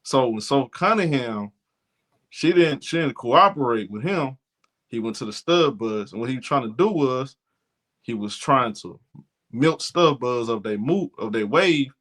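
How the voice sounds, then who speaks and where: Man ranting on a sports show, blunt and fired up, middle pitch, keeps restarting his sentences. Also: expressive, a little slow, fairly bright tone. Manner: blunt, indignant, repeats himself. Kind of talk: opinionated sports commentary.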